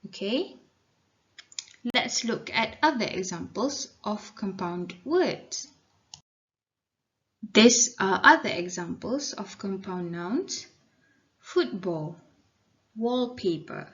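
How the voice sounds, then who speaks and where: Slow, patient Malaysian woman teacher. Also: medium pitch, muffled recording. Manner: slow, clear, patient explaining with Malay words mixed in. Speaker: primary school English teacher. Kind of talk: recorded video lesson for children.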